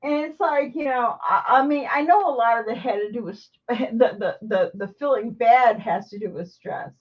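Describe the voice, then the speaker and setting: A woman vlogging candidly to the camera, halting and rambling with lots of restarts. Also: mid-range voice, distant mic, dull audio. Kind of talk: candid personal vlog chat.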